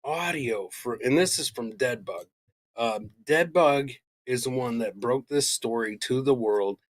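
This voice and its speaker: A man's voice: medium pitch, measured pace. A man co-hosting a casual podcast, rambling, joking and swearing freely. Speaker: podcast co-host.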